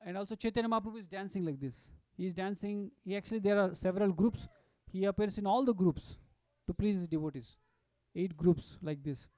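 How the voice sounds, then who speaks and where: A man giving a devotional storytelling talk at a satsang, animated and full of fillers and restarts. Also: sits high, no echo. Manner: animated, acts out quotes, many fillers and restarts. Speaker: satsang speaker.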